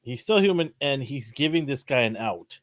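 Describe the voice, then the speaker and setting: A man's voice: medium pitch, lively intonation, normal speed, no echo, studio quality. A man co-hosting a podcast in casual chat, laid-back and slangy, chuckling often. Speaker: podcast co-host.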